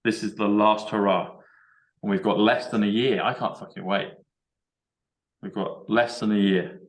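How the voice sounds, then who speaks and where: Excitable English man in an echoey room. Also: lowish voice, normal speed. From England. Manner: excitable, rambling, counts out number codes aloud. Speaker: show host. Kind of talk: casual chat.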